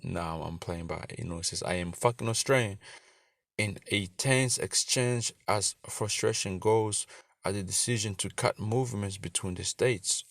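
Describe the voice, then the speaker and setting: A man's voice: on the low side, moderate pace, creaky, a bit bright, no room sound, studio quality. A man teaching casually, reading scripture and a news article aloud, stumbling and repeating words, with some swearing. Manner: stumbling, repetitive reading with profanity. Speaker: religious teacher. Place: in Australia.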